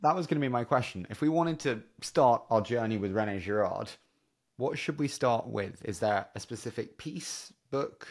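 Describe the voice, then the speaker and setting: A male podcast host with a lively, swinging pitch. He fires off questions briskly and sounds engaged with his guest. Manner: quick, animated questioning. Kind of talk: interview hosting.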